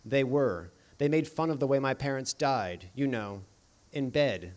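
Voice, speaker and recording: A man voicing a grieving, bitter young man who speaks slowly and heavily, haunted and resentful. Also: mid-range voice, animated, lightly acted. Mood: wounded. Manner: slow, heavy delivery.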